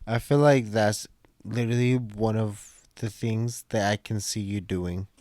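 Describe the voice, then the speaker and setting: A man co-hosting a casual podcast, giving relaxed, brief replies. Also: lowish voice, unhurried, no echo. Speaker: podcast co-host.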